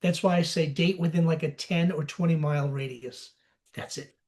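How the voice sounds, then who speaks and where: A man guesting on a podcast, his voice sitting somewhat high for a man. He tells anecdotes in an easy conversational way, playing out the lines of the people in them. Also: steady tone, normal speed, a little mellow. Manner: storytelling, acting out quoted dialogue. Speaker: podcast guest, sales expert. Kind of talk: casual interview talk.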